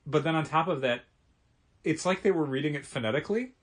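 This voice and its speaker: A man co-hosting a casual podcast, telling stories in a lively way and acting out both sides of phone calls he quotes. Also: fairly high pitch, quick pace. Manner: animated storytelling with quoted phone voices. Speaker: podcast co-host, comic shop co-owner.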